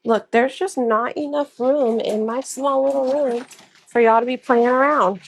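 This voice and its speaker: Speaking a little slowly, with a slightly high voice and fairly even intonation, a thirty-something woman crafts in a small home room and chats with her livestream viewers. She calls them y'all and sells live.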